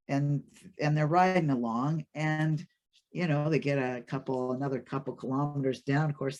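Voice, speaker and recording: A man telling a folk fable in an informal lecture, chatty and halting, with many fillers and restarts. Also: on the high side, darkish tone. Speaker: storyteller and lecturer.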